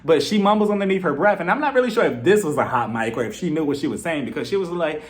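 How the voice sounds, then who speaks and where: A man's voice: a little high, animated, fast talker, hardly any pauses. Male recap vlogger, casual, amused, chatty commentary. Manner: chatty, amused, laughs often. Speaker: reality TV recap host.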